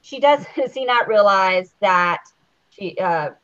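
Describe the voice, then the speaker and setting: A woman co-hosting a casual live-stream chat, animated and jokey. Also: mid-range voice, slow pace. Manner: animated, jokey, mimics houseguests. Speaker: podcast co-host. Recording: muffled lo-fi audio.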